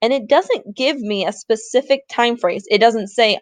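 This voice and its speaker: A woman's voice: fairly high pitch, moderate pace, hardly any pauses, no echo. A woman Spanish teacher giving a recorded grammar lesson in an upbeat, informal way.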